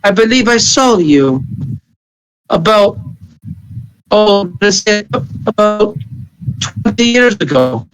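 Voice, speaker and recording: A man's voice: high voice, animated, slow, long pauses, fairly bright tone, soft background music, full character voice, low-quality recording. A man voicing a blood-drinking girl spirit from a bottle, formal in speech and gleefully morbid, with a put-on accent. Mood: courteous, curious.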